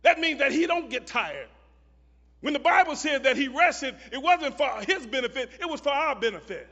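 Preacher man, really high bright voice, repeats himself and builds to shouting, long hall echo, muffled sound. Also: animated, moderate pace. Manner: builds to shouted, chanted hymn lines; repeats phrases for emphasis. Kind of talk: sermon. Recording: muffled recording in a reverberant hall.

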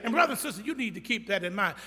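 High-voiced, bright preacher in echoey church. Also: male voice, animated, very fast. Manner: emphatic, building to shouts; folksy, blunt, addresses the congregation directly. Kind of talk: sermon.

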